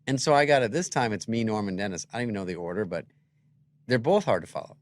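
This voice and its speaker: An older man in casual chat, telling stories as a guest and acting out the voices in them, now loud, now soft. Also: on the low side, fast. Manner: animated, acts out voices in anecdotes, swings loud and soft.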